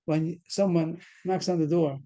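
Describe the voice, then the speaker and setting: A man's voice: on the high side, fairly even intonation, unhurried, mellow. A man teaching a Talmud class over a video call, explaining a case step by step and quizzing the students. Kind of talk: fast Talmud study lecture.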